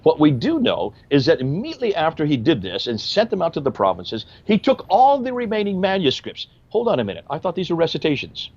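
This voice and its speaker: A man's voice: fairly high pitch, wildly swooping pitch, a little fast, hardly any pauses, darkish tone, lo-fi sound. A man giving emphatic, lecture-style commentary and asking rhetorical questions.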